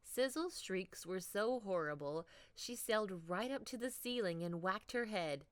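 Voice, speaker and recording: A woman reading a children's storybook aloud, expressive and dipping into whispers for drama. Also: mid-range voice, a little slow, smooth, no echo.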